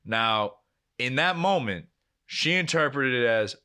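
A man's voice: medium pitch, expressive, moderate pace, pushed and bright. A young man co-hosting a podcast, telling a long, profane story in casual chat and acting out the dialogue as he goes. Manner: rambling, profane storytelling full of quoted dialogue. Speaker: podcast co-host.

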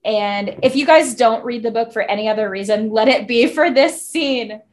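A woman with a slightly high voice chats casually about a book she loved. She gushes and swears freely, her sentences full of "like" fillers. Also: moderate pace. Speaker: podcast co-host. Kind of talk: casual book-club chat.

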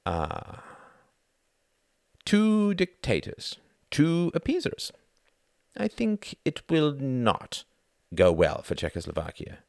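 A man's voice: medium pitch, very animated, slow, creaky, long pauses, darkish tone, dry recording, studio quality, voice pushed up, full character voice. A man reading the part of a weary, cynical older aristocratic diplomat with a sardonic drawl.

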